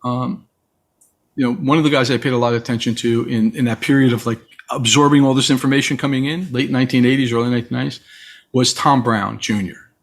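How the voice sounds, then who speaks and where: Speaking quickly in a mid-range voice with fairly even intonation, this man is a guest in a reflective talk. He tells stories and acts out the voices of people he's quoting.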